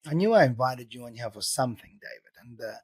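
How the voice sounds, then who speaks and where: A man's voice: medium pitch, animated, quick pace, a little mellow, breathy edge, no echo. A man hosting a podcast, chatting casually and asking probing questions with frequent fillers. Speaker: podcast host. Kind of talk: casual interview chat.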